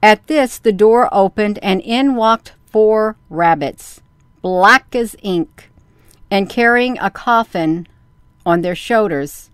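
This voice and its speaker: Give me a woman storyteller reading a children's tale slowly in a smooth, crisp voice. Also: medium pitch, dry recording. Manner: slow, deliberate storytelling.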